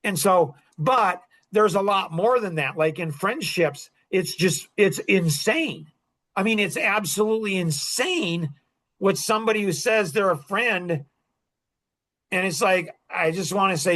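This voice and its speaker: A man's voice: high-pitched, expressive, measured pace, a bit bright. A man in his sixties talking in a rambling, emphatic monologue, repeating phrases as he goes. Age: 60s. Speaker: podcast host. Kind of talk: casual monologue.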